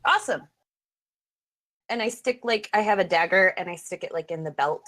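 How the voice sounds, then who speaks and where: A woman's voice: fairly low pitch, a little fast, bright, forceful tone, poor audio. A woman playing a tabletop game in a chatty, upbeat way, full of fillers. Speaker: player.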